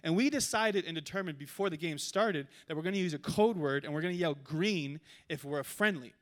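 A man preaching a sermon, telling a funny story with animated delivery before he turns to the lesson. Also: fairly high pitch, fast. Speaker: pastor.

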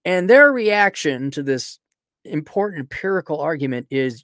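A man's voice: sits high, sing-song, normal speed, dry recording, studio quality. Blunt, profane man ranting solo. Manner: sarcastic asides. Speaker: podcast host. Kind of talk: solo podcast monologue.

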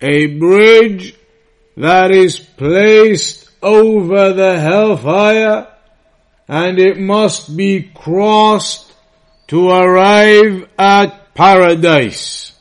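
An Islamic teacher with a high voice gives a slow, deliberate scripture lesson. He repeats key phrases, puts questions to his audience, and quickly, quietly recites Arabic between his English explanations.

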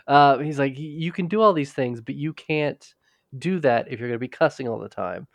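A man on a podcast chats casually through a TV episode recap. He rambles, restarts his sentences and drops in quick character quotes. His voice sits in the middle range and sounds dry and close. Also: medium pitch, no room sound. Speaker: podcast co-host.

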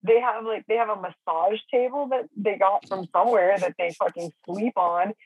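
A woman's voice: mid-range voice, steady tone, normal speed, breathy edge, no echo. A middle-aged woman chatting casually as a caller, swearing and rambling with lots of fillers. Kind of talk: casual chat. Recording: phone line.

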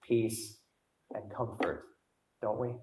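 A man's voice: on the low side, fairly even intonation, takes it slowly, a little mellow, reverberant, rough recording. A young adult man preaching a sermon as a guest preacher, asking the congregation rhetorical questions and repeating key words for emphasis. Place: church.

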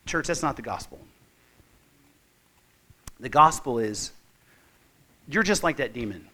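A man preaching a sermon as pastor, emphatic, with repeated words and restarts as he builds to loud, slow climaxes. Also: medium pitch, lively intonation.

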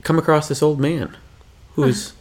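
A man's voice: a little high, fairly even intonation, measured pace, a little mellow. Man rambling through an improvised story. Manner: rambling, playful, full of restarts and sound effects. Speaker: podcast host.

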